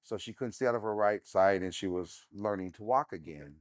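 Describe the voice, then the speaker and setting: A man's voice: fairly low pitch, brisk, dry recording, clean studio sound. Frank middle-aged man telling a story. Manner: unfiltered and frank, with many fillers. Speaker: podcast guest. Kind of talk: candid personal storytelling.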